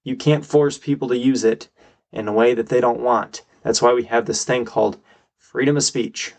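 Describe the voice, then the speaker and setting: A man's voice: medium pitch, fairly even intonation, moderate pace, creaky, darkish tone. A young man hosting his own podcast, giving emphatic, argumentative solo commentary and getting worked up. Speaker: podcast host.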